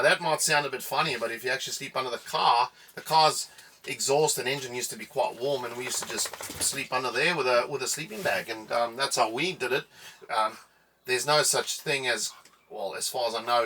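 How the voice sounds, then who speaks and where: South African man, 30s, rambling co-host, bright, slightly distant mic. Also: mid-range voice. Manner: jokey and rambling. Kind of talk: casual chat.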